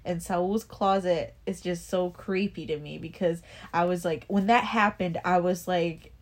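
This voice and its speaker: A woman's voice: on the low side, fairly even intonation, measured pace. A young woman casually telling a personal story, rambling, swearing a lot and restarting her sentences. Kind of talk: casual chat.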